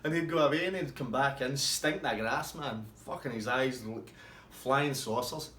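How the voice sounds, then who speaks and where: A man telling a rambling, swearing pub anecdote in a casual, animated way. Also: medium pitch, normal speed. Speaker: storyteller. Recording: roomy with faint ambience.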